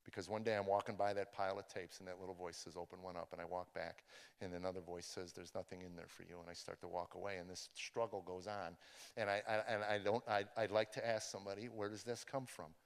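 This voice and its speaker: Man giving a live testimony, halting storyteller who builds to fervor, long hall reverb. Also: deep voice, creaky. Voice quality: stammers and restarts, storytelling, rising to excited intensity.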